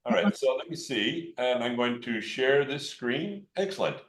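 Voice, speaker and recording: A man's voice: mid-range voice, expressive, normal speed, slight background noise. Playful man demonstrating over a video call. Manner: playful, joking, talks to a child. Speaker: geologist demonstrating an electron microscope.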